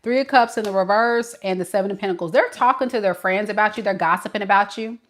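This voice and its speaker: A woman reads tarot cards in a loose, chatty way and talks straight to her viewers. Her delivery is animated and conversational, like a casual chat. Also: mid-range voice, quick pace. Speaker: tarot reader.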